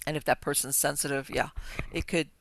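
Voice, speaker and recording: A woman hosting a podcast, chatty and lively, often restarting her sentences. Her voice is gravelly with a bright, forceful edge. The sound is close and dry. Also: low voice, brisk, dry recording. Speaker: podcast host. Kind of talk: casual interview chat.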